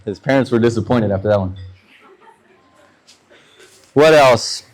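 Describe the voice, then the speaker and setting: A man in his thirties from the United States doing a stand-up set, telling loose, profane stories and slipping into quick voices for the people in them. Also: mid-range voice, rough recording. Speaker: stand-up comedian.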